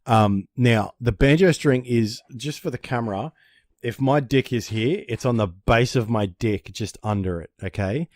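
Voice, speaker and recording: A man's voice: medium pitch, measured pace, no echo. Aussie guy telling a crude story on a podcast, swears a lot, mid voice, dry close sound. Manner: animated, profane storyteller who acts out panicked voices. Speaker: podcast co-host. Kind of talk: casual storytelling chat.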